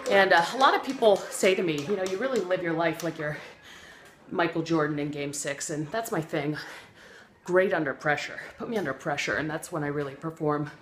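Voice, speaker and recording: A woman rambles earnestly through a comic motivational monologue, stumbling over fillers and restarting her sentences. Her voice sits a little low, and the room around her is echoey with faint background noise. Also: a little fast. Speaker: self-help vlogger.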